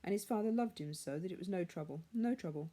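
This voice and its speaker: A woman voicing a poor mother who keeps a steady, quiet voice through her grief, in a storybook reading. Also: lowish voice, fast talker.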